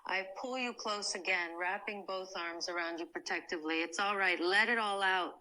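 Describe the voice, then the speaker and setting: Casting: woman as a cold, proud woman turned gentle, with a bright, soft, slow, soothing comfort role-play read. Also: medium pitch, natural voice, poor audio. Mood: tender. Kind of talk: first-person comfort role-play narration.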